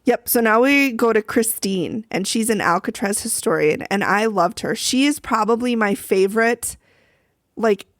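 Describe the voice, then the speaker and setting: A woman's voice: on the high side, moderate pace, no room sound, clean studio sound. A woman co-hosting a podcast, recapping a TV episode in casual chat, full of "like" and "um" and acting out quotes. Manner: chatty, lots of "like" and "um", acts out quotes. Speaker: podcast co-host.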